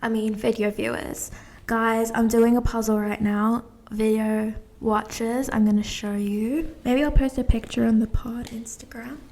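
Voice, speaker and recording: Young woman, podcast host, slightly British, rambling and giggly, touch of vocal fry. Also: a little high, darkish tone. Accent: slightly British-sounding. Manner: chatty, rambling, giggly, talks while doing a puzzle. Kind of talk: casual solo podcast chat.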